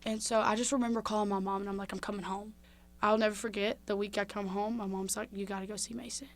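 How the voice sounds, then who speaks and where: A woman's voice: mid-range voice, level tone, fast talker. A young woman from Mississippi talks openly as a guest on a podcast. She tells her story in a candid, chatty way, full of fillers and restarts. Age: young adult. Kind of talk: casual interview.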